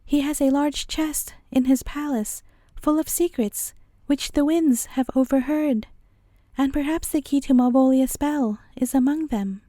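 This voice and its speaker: A woman's voice: sits high, unhurried, warm tone, dry recording, clean studio sound. A woman reading a storybook, speaking as a brave, loyal male poodle in an earnest, helpful way. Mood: reassuring.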